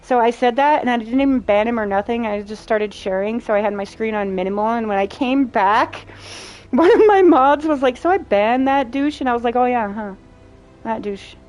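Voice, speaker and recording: A woman's voice: a little high, a little fast, a little mellow. Blunt, profane woman streamer. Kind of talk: casual chat while playing. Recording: faint game music behind.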